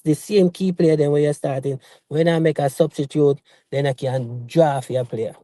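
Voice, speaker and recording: A man with a Jamaican accent calling in to a football show, talking haltingly and repeating words as he looks for them. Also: on the high side, fairly even intonation, warm tone, no echo, studio quality. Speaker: caller. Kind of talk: casual call-in opinion.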